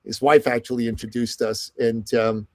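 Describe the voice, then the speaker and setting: Being interviewed as a guest, this middle-aged man, a business coach who also hosts a podcast, brings his stories to life by voicing the people in them at a quick, animated clip. His mid-range voice is recorded with no room sound.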